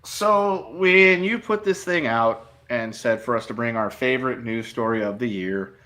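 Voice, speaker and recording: A man co-hosting a podcast in casual chat, telling his picks in a measured, opinionated way. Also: mid-range voice, sharp tone. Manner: measured, drawn-out storytelling, opinionated. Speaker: podcast co-host.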